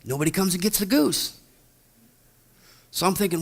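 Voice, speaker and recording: A male pastor telling a story from the pulpit in a high, bright voice. He swings from hushed, slow passages to loud, animated ones. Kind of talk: storytelling sermon.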